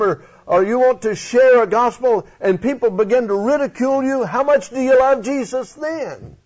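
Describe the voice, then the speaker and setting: A man preaching a folksy, animated sermon in church, questioning his congregation. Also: sits high, breathy edge. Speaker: pastor. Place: church sanctuary. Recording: dull lo-fi sound.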